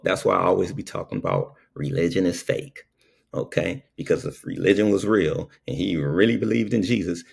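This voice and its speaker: A man's voice: on the low side, vocal fry, slightly rough. A man who works as a paramedic, telling a story in a casual, preachy monologue and tagging his lines with "okay?".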